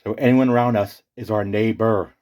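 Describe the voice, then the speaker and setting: A man's voice: fairly low pitch, steady tone, normal speed, highs cut off, lightly acted. A man voicing a fussy, pedantic male character who keeps correcting others in a comedy skit. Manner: correcting, know-it-all.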